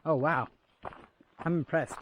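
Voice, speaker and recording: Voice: medium pitch, steady tone, takes it slowly, dull audio. A vlogger chatting casually while hiking outdoors, joking and swearing casually as they go. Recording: noisy outdoor recording. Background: dogs nearby.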